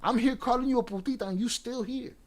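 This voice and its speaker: Guy with a high voice ranting on his livestream, cussing and taunting the chat. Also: quick pace. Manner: profane, confrontational, taunting. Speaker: livestream host. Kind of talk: livestream rant addressing chat.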